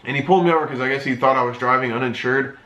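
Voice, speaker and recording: A man's voice: mid-range voice, racing, pushed and bright, lo-fi sound, slight background noise. A man in his twenties telling a casual, rambling story time with plenty of swearing, recorded in an echoey room. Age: 20s. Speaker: YouTuber and streamer.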